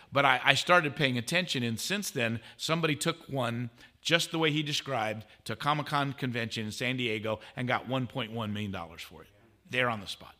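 A man speaking as a guest at a conference, telling a story in an animated way. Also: mid-range voice. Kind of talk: conference talk. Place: conference stage.

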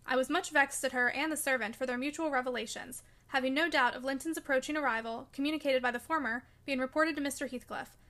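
A woman reading a classic novel aloud in a measured, clear and expressive storybook narration. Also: high voice. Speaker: audiobook reader.

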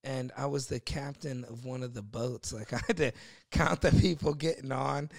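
Gravelly-voiced man telling a wild story. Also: mid-range voice, moderate pace. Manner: animated storyteller, laughs often, acts out voices. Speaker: podcast guest. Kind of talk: casual storytelling.

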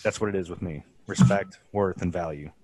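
A young adult man hosting a casual podcast, talking earnestly and reflectively with halting restarts. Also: sits low, mellow, dry recording. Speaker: podcast host.

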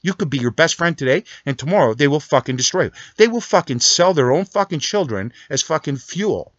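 A man's voice: a little high, expressive, fairly quick, no room sound. A man in a furious, profane, rambling rant, swearing constantly. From Canada. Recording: dull, dry lo-fi recording.

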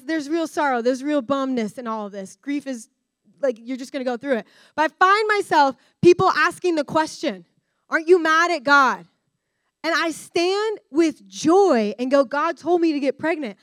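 A young adult woman giving a candid, animated personal-story sermon to students as a guest speaker. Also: sits high, dry recording. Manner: candid, animated storyteller who addresses the room directly. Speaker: guest speaker at a discipleship school.

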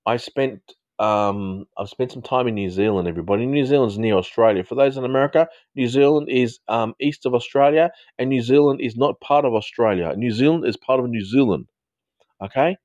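A man in his fifties hosting a live stream, chatting casually with viewers in a rambling way and quick to laugh. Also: medium pitch, darkish tone, no echo, highs cut off. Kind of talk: casual live chat reading viewer comments.

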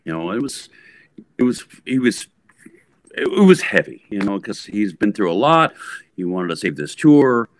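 A man in his sixties from the Bay Area, a rock guitarist telling a story in a casual interview, lively and full of fillers. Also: on the low side, normal speed, no room sound. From San Francisco Bay Area, USA. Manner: animated, acts out voices, lots of fillers.

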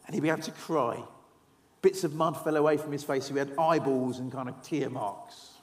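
A man in his forties preaching a sermon, telling stories with humour and dropping to soft, earnest tones. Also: on the high side, moderate pace. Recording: echoey hall.

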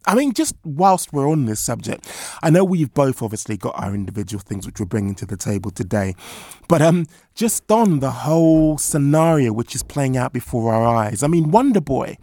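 Excitable podcast host, gravelly. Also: medium pitch, dry recording, studio quality. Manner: excitable, rambling, lots of fillers and restarts. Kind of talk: casual podcast interview.

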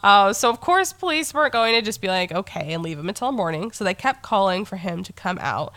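A woman's voice: mid-range voice, big pitch swings, a little fast, fairly bright tone, dry recording. Blunt young woman, just getting over being sick. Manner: blunt, sarcastic, many ums. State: recovering from illness, coughing. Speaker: podcast co-host. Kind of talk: casual true crime chat.

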